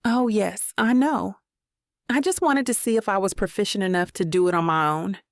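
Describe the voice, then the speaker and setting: A woman's voice: mid-range voice, moderate pace, dry recording, clean studio sound, close to an everyday voice. A woman voicing a courteous, eager-to-please young man on a date in an audiobook. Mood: polite. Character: polite smooth-talking young man on a date.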